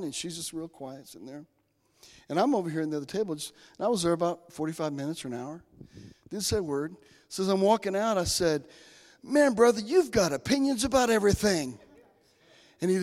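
Preacher, male, folksy storyteller, high voice, church reverb. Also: animated, fairly quick. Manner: folksy storytelling, swings from soft to loud. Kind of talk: sermon with personal stories. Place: church sanctuary. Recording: long hall reverb.

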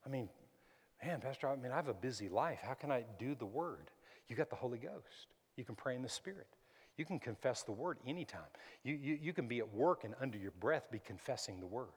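A man preaching a sermon as pastor, calling out "Amen?" and rising to sudden loud, emphatic peaks. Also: medium pitch, big-room sound.

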